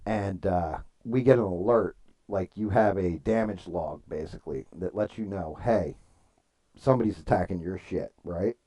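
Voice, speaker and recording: A man's voice: deep voice, moderate pace, mellow. A man streaming and chatting casually, telling rambling stories, swearing freely and answering viewers' comments. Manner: rambling storytelling, swears freely, reads chat aloud. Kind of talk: casual livestream chat.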